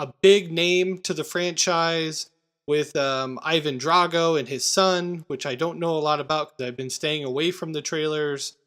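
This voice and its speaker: A man hosting a podcast, chatting casually about movies with quick asides and restarts. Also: fairly high pitch, a bit bright. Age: adult parent. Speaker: podcast host.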